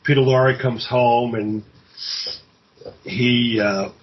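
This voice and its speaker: Husky man retelling a film plot. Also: medium pitch, steady tone, dull audio. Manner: halting, many fillers and restarts, acts out quoted lines. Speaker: podcast co-host.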